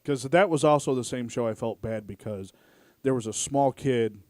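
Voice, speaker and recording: A man tells loose, rambling stories on a casual podcast, leaning on filler words and cursing freely. His pitch sits in the middle of the range, and the sound is dry and close with no room echo. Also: moderate pace, a little mellow. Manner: rambling, full of "like" fillers, profane. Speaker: podcast host. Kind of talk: casual storytelling chat.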